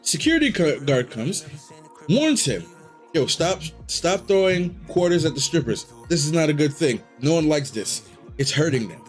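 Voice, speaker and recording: A young male streamer telling a wild story to his chat in a fairly high, very lively voice. He swears freely and pitches up sharply whenever he acts out his younger self. Soft music plays faintly underneath. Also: normal speed. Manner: animated, profane, jumps into high excited voices for his own past self.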